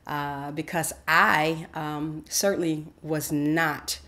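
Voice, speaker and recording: Low-voiced woman telling a lively story. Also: slow. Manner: animated storyteller, many fillers, acts out quoted voices. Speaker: host. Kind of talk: personal testimony.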